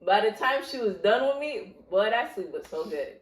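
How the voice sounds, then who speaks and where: A woman in casual podcast chat, telling a childhood story with lots of laughter and acted-out voices. Her pitch sits mid-range, and the room around her rings with a noticeable echo. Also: normal speed. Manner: animated, laughing, acts out voices in her stories. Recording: roomy echo.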